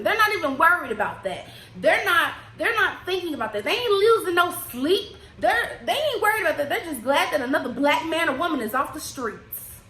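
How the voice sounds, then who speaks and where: Woman vlogger, high voice, emotional and casual, echoey room recording. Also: pushed and bright. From United States. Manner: emotional, rising and falling with feeling, Southern-tinged casual speech. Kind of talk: impassioned personal vlog. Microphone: desk microphone.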